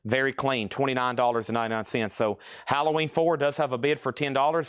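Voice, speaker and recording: A man's voice: mid-range voice, fairly even intonation, quick pace, a bit bright, clean tone, no echo, clean studio sound. Man calling a live record auction. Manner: rattles off titles and prices, calls bids going once, going twice. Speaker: live sale host. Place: record shop.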